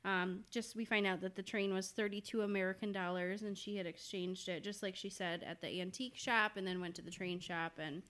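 A woman co-host with a bright, forceful tone. She chats in a relaxed, conversational way and adds bits of background detail. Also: medium pitch, a little fast, few pauses. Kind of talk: casual chat.

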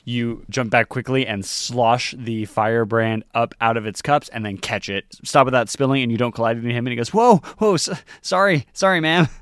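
A man narrating a tabletop game as its game master, chatty and relaxed, leaning on fillers as he goes. His voice sits at an ordinary middle pitch, recorded dry and close. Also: a little fast, few pauses, clean tone, no echo. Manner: loose, chatty, with many fillers.

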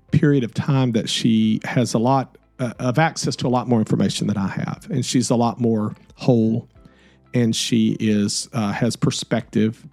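Gravelly, mellow-voiced middle-aged man reflecting. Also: mid-range voice, no room sound. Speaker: podcast host. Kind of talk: reflective personal storytelling.

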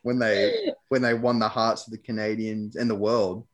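A man's voice: lowish voice, level tone, moderate pace. A man hosting a podcast, asking questions in a playful, jokey way. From Australia. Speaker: podcast host. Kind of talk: casual chat.

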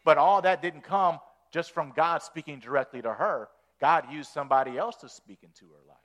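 A man preaching a sermon as pastor, animated and folksy, repeating words as he builds. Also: fairly high pitch, moderate pace.

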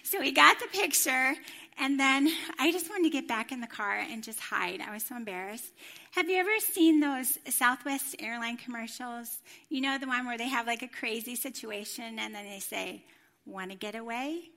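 A bright, high-pitched woman speaks from a church stage. She gives a sermon, tells a personal story with animated delivery and acts out the voices she quotes. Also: normal speed, gravelly. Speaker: former children's ministry director, church speaker.

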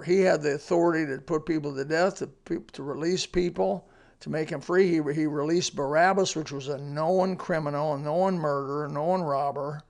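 Earnest guy preaching a quick devotional, gravelly voice, kinda high, plain talk. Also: darkish tone. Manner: plainspoken, earnest, with folksy asides and restarts. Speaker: radio devotional speaker. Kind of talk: short devotional sermon.

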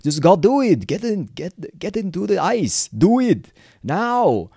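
A man doing a deliberately bad impression of a gruff action-hero man who barks motivational orders. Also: sits high, very animated, no echo, studio quality, voice pushed up, heavily acted. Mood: pumped up. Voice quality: self-admittedly bad impression accent. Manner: exaggerated, shouty motivational commands.

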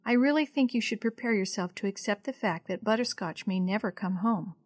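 A woman reading aloud and voicing a caring mother who speaks softly and gently, lower and quieter than her narration. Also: brisk, no echo, studio quality, natural voice. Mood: gentle. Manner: soft, gentle, turning stern.

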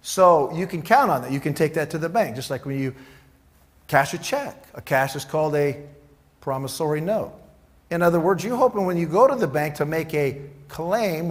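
A middle-aged man preaching in a loose, conversational way, joking with his listeners and slipping into little acted-out prayers. His voice sits a touch higher than most men's. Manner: informal and joking, acts out prayers and Bible quotes in character. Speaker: pastor. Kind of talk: conversational sermon.

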